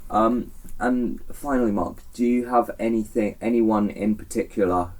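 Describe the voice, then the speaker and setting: A man's voice: on the low side, steady tone, normal speed, darkish tone, far from the mic, poor audio. An English man hosting a podcast, with an easygoing, jokey manner in casual chat on a houseboat. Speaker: podcast host.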